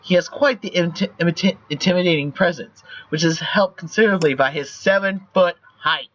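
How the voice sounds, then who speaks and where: A man's voice: high voice, brisk, fairly bright tone. A young man streaming a text game, reading story passages and chatting loosely with casual swearing. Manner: loose and profane, reads story text aloud. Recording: dull lo-fi stream mic.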